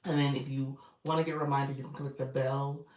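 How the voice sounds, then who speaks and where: A woman's voice: very deep voice, level tone, fast talker, a little mellow, far from the mic. A woman coach chatting casually and encouragingly with her livestream viewers, still in her groggy morning voice. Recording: echoey room, away from the mic.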